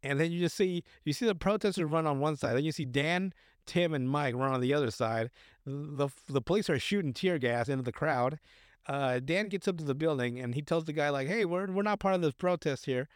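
A man's voice: fairly high pitch, a little fast, dry recording, studio quality. A man casually recapping a film on a podcast, rambling, swearing often and acting out the characters' lines. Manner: rambling, profane, acts out quotes. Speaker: podcast co-host.

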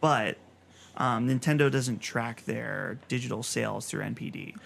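A man's voice: mid-range voice, vocal fry, a bit bright. A man hosting a casual gaming podcast, running through news items in a chatty way. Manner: reads news items rapid fire, chatty. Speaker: podcast host. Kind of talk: casual chat.

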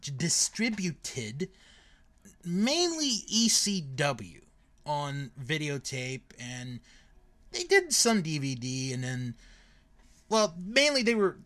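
This podcast host is a thirtysomething man with a fairly high-pitched voice and a slow delivery. Chatting casually, he tells lively stories packed with fillers and punctuated by laughs.

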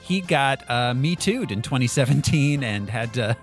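A man's voice: medium pitch, animated, moderate pace, soft background music. A man hosting a casual movie podcast, joking and laughing often as he talks. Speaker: podcast host.

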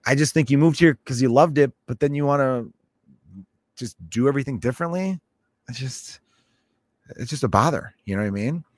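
Man host, comedic rant, sarcastic and profane, mid-pitched, dry booth sound. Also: brisk, pauses often, no echo. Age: adult parent.

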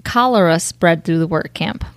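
A young woman with a lowish voice co-hosts a chatty podcast. She tells a history story with jokes and laughter along the way. The recording is dry and close. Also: normal speed, dry recording. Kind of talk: casual chat.

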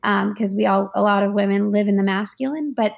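A woman with some vocal fry, explaining ideas in a relaxed interview. She leans on fillers and asides as she gives practical, down-to-earth guidance. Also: medium pitch, brisk. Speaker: author and life coach, guest. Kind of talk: conversational interview.

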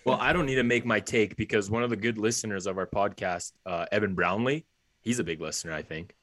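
A man's voice: lowish voice, quick pace, fairly bright tone. A young man co-hosting a podcast, chatting casually and joking about sports. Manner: laid-back, joking. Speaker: podcast co-host.

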